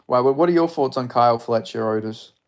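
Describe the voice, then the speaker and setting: A young man with a gravelly voice, reacting live to a fight broadcast. His tone sits in a middle register. He talks in a chatty, excitable way and swears freely as he follows the action. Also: mid-range voice, brisk. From Australia. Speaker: streamer. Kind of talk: live fight watch-along commentary.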